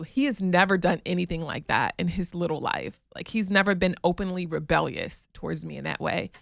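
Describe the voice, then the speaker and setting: Creaky-voiced woman telling a family story. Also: lowish voice, fairly quick, hardly any pauses, no echo, studio quality. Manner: lively storyteller who acts out family scenes. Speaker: podcast co-host. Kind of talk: casual chat.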